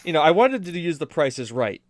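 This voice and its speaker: A man's voice: on the high side, big pitch swings, a little fast. A man hosting a gaming podcast in loose, joking, rambling chat with some swearing. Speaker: podcast host. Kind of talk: casual chat.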